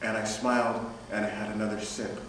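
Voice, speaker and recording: A man's voice: lowish voice, flat delivery, a little fast, very noisy. A man telling a dry, amused story live on a theater stage. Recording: echoey theater, distant mic.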